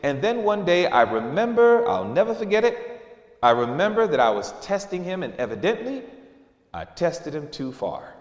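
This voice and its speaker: Lively preacher guy, swings up and then goes hushed, big echoey room. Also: normal speed. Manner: animated, drops to a low hush for emphasis. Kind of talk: sermon. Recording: echoey hall, mic at a distance.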